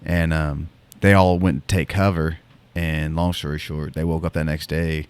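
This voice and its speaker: A man with a very low voice tells a story in a loose, casual way. He rambles with plenty of fillers and false starts, circling back before he gets to the point, like a co-host chatting on a podcast. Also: flat delivery, moderate pace, a little mellow, clear, resonant tone, dry recording. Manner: rambling, lots of fillers and restarts.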